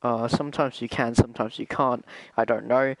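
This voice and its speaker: A man's voice: medium pitch, fairly even intonation, moderate pace, dry recording, poor audio. A young man streaming a game playthrough in casual chat with friends, laughing often, swearing and stumbling over his words. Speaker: gaming streamer.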